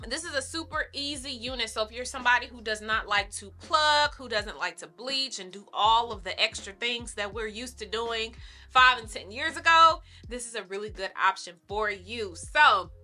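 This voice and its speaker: A woman's voice: on the high side, sharp tone. A young adult woman vlogger chatting casually and upbeat while she styles a wig, calling her viewers y'all. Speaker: beauty vlogger. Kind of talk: casual get-ready-with-me chat.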